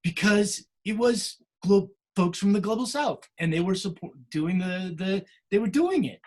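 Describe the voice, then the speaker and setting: A middle-aged American man telling students about his career in a casual way, with many pauses and restarts. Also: high-pitched, animated, darkish tone. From United States. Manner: many fillers and restarts, storytelling. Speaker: career day speaker.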